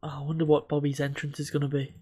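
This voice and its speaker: Joking young man, slightly high voice. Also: completely flat delivery, quick pace, dark tone, breathy edge. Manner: joking, swears casually, reads lists aloud. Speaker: podcast co-host. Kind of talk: casual chat.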